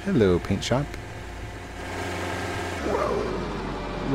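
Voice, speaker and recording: A man's voice: on the low side, expressive, slow pace, pauses often, very noisy. A man hosting a gaming channel, giving chatty, rambling gameplay commentary and humming to himself. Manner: chatty, rambling, hums and self-corrects. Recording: game music under voice.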